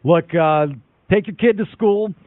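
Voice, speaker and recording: A man hosting a radio interview, praising his guest and slowly wrapping up. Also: high voice, no echo. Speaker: radio host. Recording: dry narrow phone-like sound.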